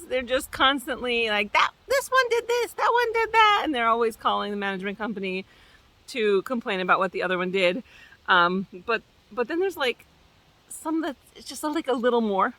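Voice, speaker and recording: Bright-voiced chatty woman vlogger. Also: a little high, moderate pace, no echo. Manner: chatty, animated, with fillers and restarts. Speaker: property manager. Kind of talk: casual storytelling vlog.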